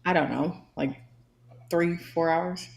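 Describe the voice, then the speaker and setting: A woman with a lowish voice reads out viewer comments on a livestream. She sounds upbeat and playful and laughs easily between comments. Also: fairly even intonation, slow, gravelly, noisy background. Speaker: co-host reading viewer comments. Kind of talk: casual livestream chat.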